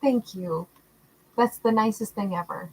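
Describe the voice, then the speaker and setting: A woman hosting a livestream, greeting viewers by name in a warm, affectionate, chatty way and laughing often. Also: mid-range voice, unhurried, slightly rough, poor audio. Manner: warm, affectionate, calls viewers love and honey. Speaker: tarot livestream host. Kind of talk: casual livestream chat reading out viewer comments.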